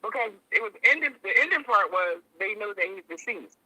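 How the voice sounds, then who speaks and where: A man's voice: high voice, lively intonation, a little fast, a crowd in the background. A man calling into a show by phone, explaining at length and often agreeing with "right". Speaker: caller. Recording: tinny phone line.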